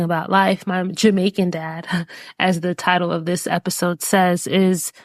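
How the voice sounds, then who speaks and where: A woman hosts her own podcast and shares lessons in an earnest, encouraging way. Her pitch sits in the middle range. The sound is close and dry, with no room around her. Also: no room sound. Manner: earnest, encouraging, with many fillers. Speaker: podcast host. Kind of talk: reflective personal talk.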